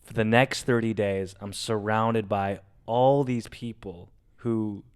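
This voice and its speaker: Smooth-voiced young man telling a story. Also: fairly low pitch, slow. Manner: animated storyteller acting out quotes. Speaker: podcast co-host. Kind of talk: casual storytelling.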